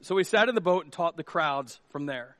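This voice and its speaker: A middle-aged man preaching a sermon as pastor, animated and jokey, slipping into quick acted asides. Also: a little high, dry recording, clean studio sound.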